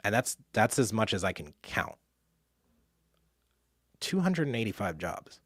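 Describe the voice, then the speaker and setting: A man telling a personal story in an animated way, dropping to a hush and jumping up loud when he acts out what others said. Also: lowish voice, a little slow, no echo, studio quality. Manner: animated, jumps from hushed to loud mimicry. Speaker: speaker and author.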